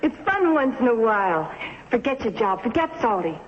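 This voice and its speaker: A woman's voice: fairly high pitch, big pitch swings, normal speed, a little hiss or hum. An actress playing a worried wife in an old TV drama, pleading and coaxing her husband. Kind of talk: 1950s TV drama acting. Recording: dull lo-fi soundtrack with long reverb.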